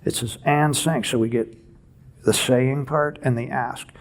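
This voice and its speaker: A man preaching a conversational expository sermon in a church, teaching with lively rhetorical questions. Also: medium pitch, unhurried, gravelly. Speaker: pastor.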